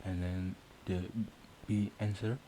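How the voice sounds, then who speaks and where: Guy presenting slowly, lots of uhs, dark mellow voice, faint room hum. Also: low voice, flat delivery, rough recording. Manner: hesitant, many fillers and restarts. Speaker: student presenter. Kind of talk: academic presentation.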